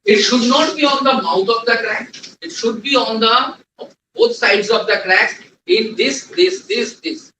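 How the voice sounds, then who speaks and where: A man's voice: very high-pitched, unhurried, bright, forceful tone, slight background noise. A man teaching a technical class, quizzing the room and repeating key points. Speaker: trainer. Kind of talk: classroom lecture. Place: lecture hall. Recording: echoey room, distant mic.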